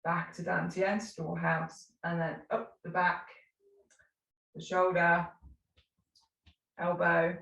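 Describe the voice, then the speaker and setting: A woman teaching a live tai chi class, calmly cueing slow movements with unhurried asides. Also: on the low side, vocal fry. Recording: echoey room, mic at a distance.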